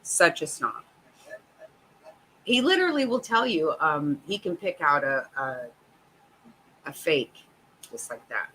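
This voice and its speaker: Brief: middle-aged woman host, bright voice, swearing, exasperated casual chat. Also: deep voice, very animated, slow pace, long pauses, a little hiss or hum, poor audio. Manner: profane, exasperated, laughing often.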